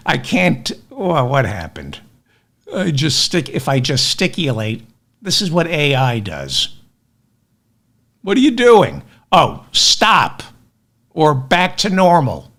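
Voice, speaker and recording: A man's voice: on the high side, sing-song, takes it slowly, long pauses, a bit bright. A man hosting a comic news podcast, sardonic and exasperated, mixing rants with asides into his webcam. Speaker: podcast host. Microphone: webcam with automatic tracking.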